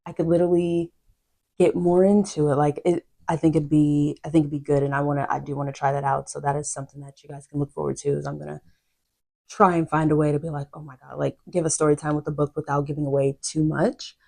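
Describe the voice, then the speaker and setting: Young woman, low voice, mellow tone, casual book vlog chat, quiet asides. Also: flat delivery, quick pace, vocal fry. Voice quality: chatty, drifting to quiet asides. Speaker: book vlogger.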